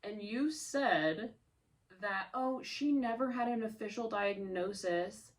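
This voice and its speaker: A woman content creator with a medium-pitched voice speaks slowly in an angry vlog rant. Furious and swearing, she addresses someone she is upset with directly, her voice strained with anger.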